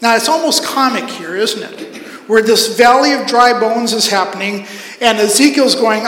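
High-voiced preacher in an echoey church. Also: male voice, moderate pace, fairly bright tone. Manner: earnest, acts out voices of God and prophet. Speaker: pastor. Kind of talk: sermon. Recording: echoey hall.

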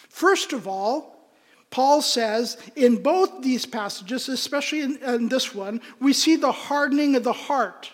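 High-voiced man preaching in a reverberant hall. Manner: earnest, emphatic preaching. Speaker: pastor. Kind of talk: sermon.

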